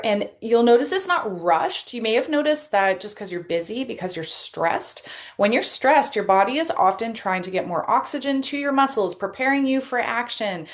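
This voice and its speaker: A woman coach leading a guided self-care session with a breathing exercise, speaking calmly and encouragingly into a laptop camera mic. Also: mid-range voice. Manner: calm, encouraging, deliberate. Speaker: personal development coach.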